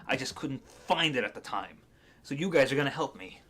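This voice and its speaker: A man's voice: mid-range voice, lively intonation, fairly quick, a bit bright, natural voice. A man voicing a scornful male villain who extorts goblins with threats. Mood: scheming.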